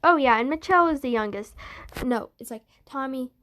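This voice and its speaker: A woman's voice: sits high, animated, brisk, fairly bright tone, slight background noise. A woman narrating an improvised fan story, rambling and hesitant, correcting herself as she goes.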